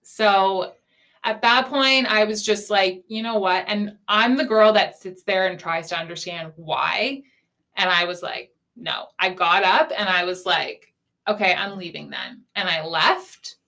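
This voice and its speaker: A woman's voice: medium pitch, measured pace, gravelly, bright, forceful tone. A young woman hosting a podcast, candidly telling a dating story in casual chat, saying "like" often and swearing freely. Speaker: podcast host.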